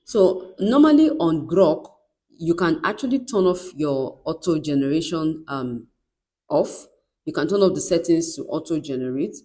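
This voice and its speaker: Low-voiced woman walking through a tutorial. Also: lively intonation, unhurried, warm tone. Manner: instructive, often asks "right?". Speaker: tutorial presenter. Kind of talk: step-by-step screen tutorial.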